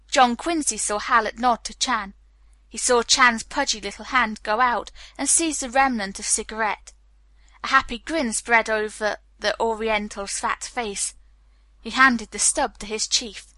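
Bright-voiced woman narrating a mystery novel. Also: on the high side, measured pace, no echo. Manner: steady storytelling delivery. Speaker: audiobook narrator. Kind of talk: scripted narration.

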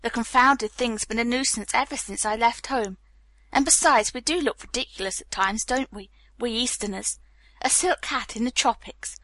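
A woman reading the lines of a stiff, earnest young Boston gentleman in an audiobook, formal in manner. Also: fairly high pitch, moderate pace, no room sound.

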